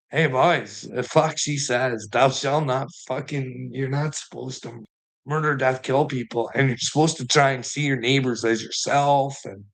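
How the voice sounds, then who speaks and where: A man speaks at a slow, unhurried pace in a loose, rambling monologue. He chuckles between phrases, swears freely and keeps throwing out rhetorical questions. His voice sits at an ordinary middle pitch. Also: vocal fry, a bit bright. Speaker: channel host.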